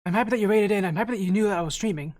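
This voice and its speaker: A man's voice: high-pitched, racing, darkish tone. A man streaming as an esports caster, chatting casually with viewers, slightly out of breath, rambling with restarts. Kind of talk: casual live-stream chat.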